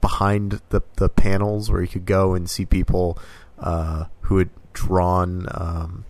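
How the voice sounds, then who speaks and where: A man co-hosting a casual podcast, talking about games in a measured, thoughtful way with "um" pauses. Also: low-pitched, little pitch movement, a little mellow. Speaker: podcast co-host. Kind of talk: casual game discussion.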